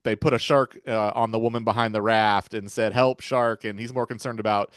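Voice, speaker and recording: A man's voice: fairly low pitch, steady tone, brisk, no room sound, studio quality. A man hosting a podcast, retelling film scenes in a rambling, casual way with chuckles. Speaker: podcast host.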